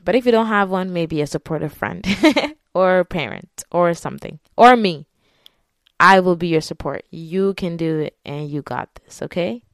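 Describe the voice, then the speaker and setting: A young woman vlogger tells her viewers a personal story to camera, candid and chatty, with frequent laughs and filler words. Her voice is fairly low, and the studio-quality audio has no room sound.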